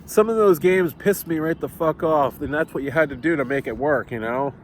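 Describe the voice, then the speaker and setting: A man's voice: on the high side, a little fast, a little hiss or hum. A man vlogging a casual, rambling story, swearing often and getting heated as he talks.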